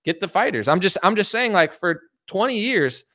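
A young man talking in a loose, rambling, sarcastic way about politics, his voice sitting a little high for a man. The sound is close and dry, with no room around it. He keeps circling back with filler words as he rants. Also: big pitch swings, normal speed, bright, forceful tone, dry recording. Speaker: political commentary host. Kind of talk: casual political rant.

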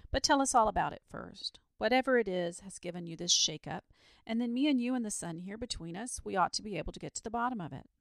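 A woman's voice: mid-range voice, expressive, quick pace, gravelly, no echo. A woman voicing a sensible, kindly country mother who talks in a soothing, practical way.

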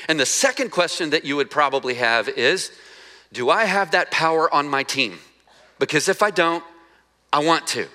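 Bright-voiced male pastor preaching conversationally. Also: a little high, expressive, normal speed. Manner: conversational preaching with rhetorical questions to the congregation. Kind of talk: sermon.

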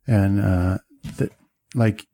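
Dark-voiced man running a tabletop game. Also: lowish voice, steady tone, dry recording, clean studio sound. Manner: halting, descriptive, many fillers. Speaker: game master.

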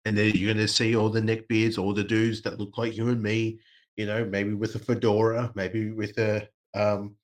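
Guy co-hosting a wrestling podcast, kinda low voice, jokey and sweary. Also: little pitch movement, normal speed. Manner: playful, swears freely, slips into mock voices. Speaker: podcast co-host. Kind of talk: casual wrestling chat.

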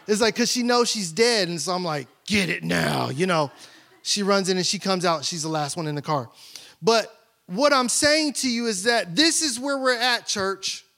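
Bright high-voiced male pastor. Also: lively intonation, normal speed. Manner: storytelling, acts out family voices. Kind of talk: sermon.

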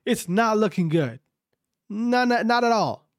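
A man's voice: sits high, animated, measured pace, no echo, clean studio sound. A man casually telling a long story to his viewers, rambling, repeating himself and swearing often.

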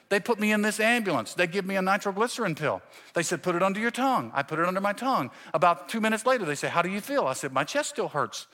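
A male pastor in his forties preaching a sermon, telling a self-mocking story with animated quoted voices. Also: high voice. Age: 40s. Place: church stage.

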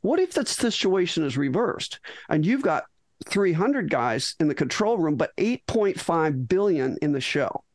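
A woman's voice: deep voice, very animated, unhurried, a little mellow, no echo. A middle-aged woman, a physician guest in an interview, tells a story animatedly with frequent restarts and acted-out lines.

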